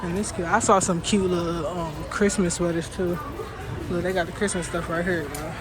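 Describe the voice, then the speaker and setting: Out walking with wearable mics, a young woman casually chats to her vlog audience, addressing them as y'all and laughing a lot. She speaks steadily in a lowish voice at a moderate pace while a crowd murmurs in the background.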